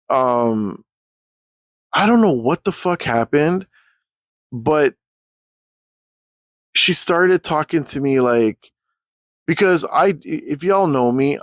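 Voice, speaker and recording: A young man hosting a casual storytelling vlog, talking in an animated, profane, rambling way. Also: medium pitch, takes it slowly, pauses often, dry recording, studio quality. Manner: animated, profane, rambling, jumps into quoted voices. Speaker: channel host.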